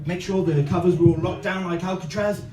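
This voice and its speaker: A man's voice: high-pitched, fairly even intonation, fairly quick, mellow, recorded from a distance, soft background music. A man from England with an English accent doing a dry, self-deprecating stand-up comedy set on a club stage. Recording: echoey club from afar, audience laughter.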